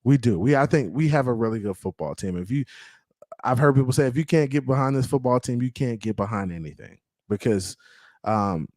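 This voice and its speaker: Reading live chat on his fan podcast, a man greets viewers by name during a casual sports livestream. His mid-range voice is a little mellow, with no echo, and his talk is hyped and full of slang.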